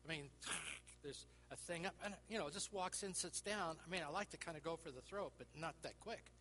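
Animated male preacher, slightly high and bright. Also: moderate pace, big-room sound, slight background noise, poor audio. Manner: animated storyteller, acts out dialogue, laughs often, drops to a hushed voice. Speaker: Christian speaker and counselor. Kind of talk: preaching through a personal story.

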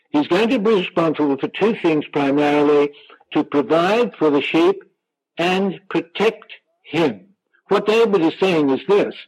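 A man preaching a sermon, slow and emphatic, drawing out the words of scripture he quotes. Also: fairly high pitch, a little mellow, low-quality recording.

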